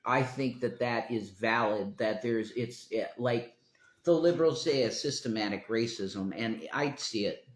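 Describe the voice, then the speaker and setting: This livestreamer speaks at a medium pitch and an unhurried pace, rambling through a profane monologue on his own stream. He often leaves sentences unfinished, and the recording carries a roomy echo.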